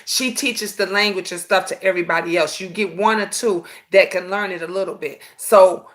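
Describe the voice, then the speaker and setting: On a casual live stream, a woman in her fifties tells stories with animated sass, calling her listeners "honey" again and again. Her voice is medium in pitch and moves at a moderate pace.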